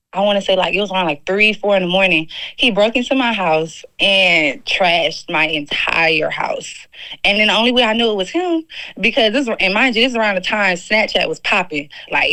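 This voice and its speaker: A young woman calling in to a podcast, telling a story in an animated, gossipy way. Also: medium pitch, rough recording. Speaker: caller. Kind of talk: casual storytelling.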